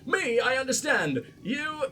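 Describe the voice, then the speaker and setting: A man hosting a let's play and commenting on the game in a sarcastic, sweary, excitable way. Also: very high voice, a little slow, background noise. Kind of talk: gameplay commentary.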